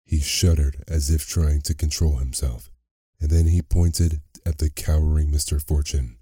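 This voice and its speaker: A man narrating a bedtime story in a soft, unhurried way. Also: a bass voice, flat delivery, husky, dry recording, studio quality. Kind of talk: slow bedtime story reading.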